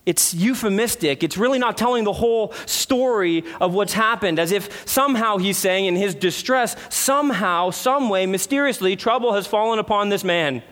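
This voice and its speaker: A man, a pastor, preaching a sermon with earnest rhetorical questions, swinging between loud emphasis and hushed reflection, in a church sanctuary. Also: sits high. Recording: long hall reverb.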